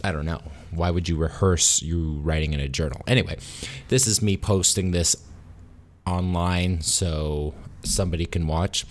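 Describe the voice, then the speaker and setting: A deep-voiced man vlogs alone in an unscripted monologue, a little tipsy from a beer. He rambles and pokes fun at himself, pausing and restarting as he goes.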